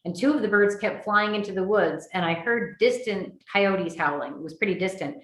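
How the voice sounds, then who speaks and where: A woman's voice: mid-range voice, normal speed, a bit bright. Chatty birding woman in an echoey room. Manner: chatty, with many fillers and restarts. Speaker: birding workshop presenter. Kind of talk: virtual lecture with slides.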